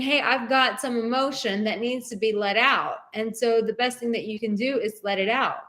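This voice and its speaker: Female live-stream advice host, a bit high-pitched, leans on repeated words, talks directly to viewers. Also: fairly bright tone. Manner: emphatic, repeats words for stress; encouraging, speaks straight to viewers. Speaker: dating and relationship advice host.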